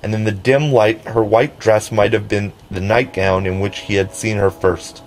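Male audiobook narrator, low voice, measured storybook reading, faint hiss. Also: fairly even intonation, rough recording.

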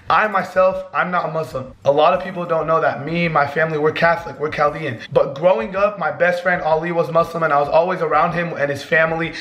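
A young man in his twenties with a hoarse, worn-out voice, chatting casually and joking to his vlog audience. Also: on the high side, roomy sound. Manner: excitable, joking. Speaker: vlogger.

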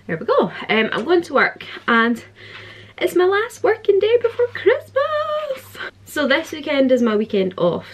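A woman's voice: mid-range voice, slight background noise. A Scottish woman in her twenties chatting casually to camera at home in a vlog, rambling with lots of fillers. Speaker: vlogger. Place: at home, bedroom.

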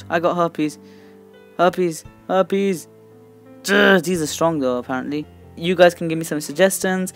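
Teen male gaming host, excitable commentary, loud squeals and quick mumbles, faint music bed. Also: a little high, no room sound. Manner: shouts and squeals in excitement, then drops to quick mumbled asides.

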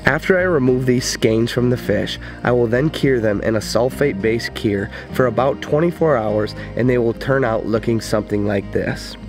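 A man narrating a fishing vlog in a steady, explanatory voice-over. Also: medium pitch, normal speed, few pauses. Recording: voice-over with clear background music.

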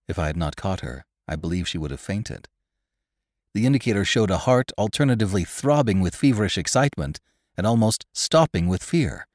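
A man narrating a classic story for a podcast in a measured, expressive storytelling manner. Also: sits low, no echo, clean studio sound.

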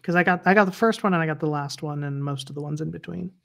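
A woman's voice: sits low, fast, vocal fry. A woman guest on a livestream interview, chatting casually and laughing often as she explains things.

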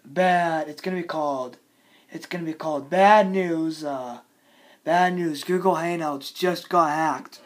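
A man vlogging an angry, repetitive rant, often shouting and scolding. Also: a little high, measured pace.

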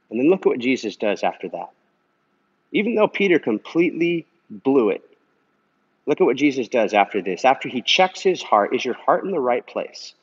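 Husky man, earnest casual encouragement. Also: medium pitch, lively intonation, a little fast. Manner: earnest and conversational, full of "man" and "you know"; talking while walking. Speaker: Christian vlogger answering a viewer comment. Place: indoor pool area. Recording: dull lo-fi recording.

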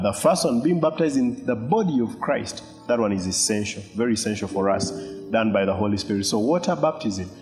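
A man preaches a sermon in a long-reverb church hall. He tells a personal story animatedly, voicing other people and adding asides, then drops to quiet, earnest teaching. Faint music sits in the background. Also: mid-range voice. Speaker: pastor.

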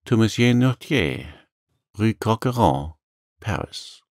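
A man voicing an earnest, frightened young sailor in a calm audiobook reading, pleading as he talks. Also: on the low side, slow pace, no echo, studio quality, pitched above the performer's own voice. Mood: earnest, anxious.

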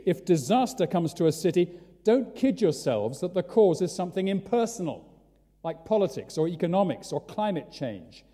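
Mellow-voiced preacher in a big reverberant church. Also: male voice, high-pitched, moderate pace. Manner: lively, dramatic storytelling. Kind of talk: sermon. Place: large church.

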